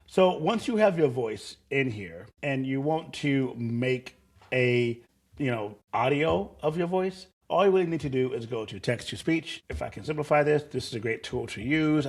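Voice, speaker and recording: Casual man walking through a tutorial. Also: medium pitch. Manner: loose and conversational, with frequent fillers and restarts. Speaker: tutorial host. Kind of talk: casual screen-share tutorial.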